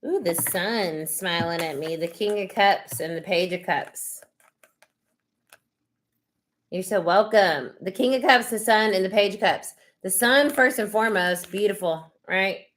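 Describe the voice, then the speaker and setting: A woman's voice: medium pitch, moderate pace, few pauses, a bit bright. A woman giving casual tarot readings on a live stream, chatty and effusive, with lots of fillers. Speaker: tarot reader hosting live sessions.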